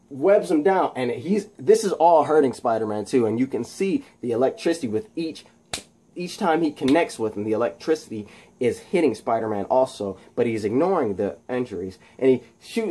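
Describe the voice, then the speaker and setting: Man, casual movie recap, animated, sound effects, mellow voice, mid pitch. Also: moderate pace. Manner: animated, shouts sound effects, lots of fillers. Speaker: video host recapping a film. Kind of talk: casual retelling of a movie scene.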